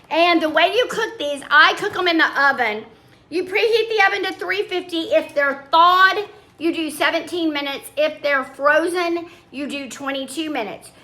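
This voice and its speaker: A woman's voice: high voice, pushed and bright. An older woman chatting casually at home as a vlogger, homey and talkative, drifting into little asides. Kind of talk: casual chat.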